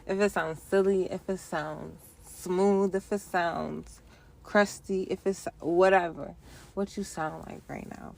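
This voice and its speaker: A woman's voice: fairly low pitch, steady tone, slow pace, vocal fry, darkish tone. A woman hosting her own podcast in a playful, rhythmic solo monologue, with casual slang and frequent laughter. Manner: casual, conversational phrasing with slang. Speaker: podcast host.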